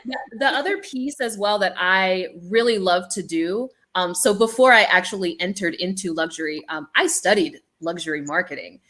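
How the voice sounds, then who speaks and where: A woman speaking as an initiated shaman with a business background on a panel, an animated storyteller with many ums. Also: medium pitch, normal speed, few pauses.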